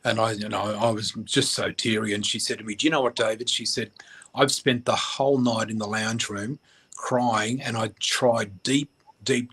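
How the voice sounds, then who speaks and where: A middle-aged man from Australia, a radio guest, telling a personal story in a halting, emotional way with many fillers. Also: fairly low pitch, a bit bright, slightly rough.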